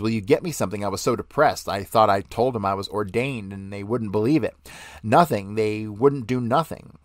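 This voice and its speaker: A man's voice: fairly low pitch, no echo. Man reading court testimony, dry sound. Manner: reads both the questioner and the witness in one voice. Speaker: podcast host.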